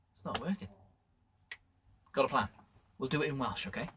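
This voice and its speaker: A man presenting a school assembly, telling a story to children in an animated way that drops to whispers. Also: a little high, moderate pace, pauses often, husky.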